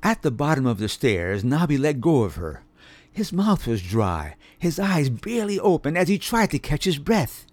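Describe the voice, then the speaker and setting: A man's voice: on the high side, huge pitch swings, normal speed, a little mellow, dry recording. Man reading a storybook aloud. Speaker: narrator. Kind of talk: audiobook narration.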